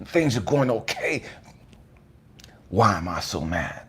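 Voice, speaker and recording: A man giving an impassioned, profane motivational monologue, swinging between hushed whispers and raised outbursts. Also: mid-range voice, very animated, measured pace, long pauses, slightly rough. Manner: profane, blunt street talk. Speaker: motivational speaker.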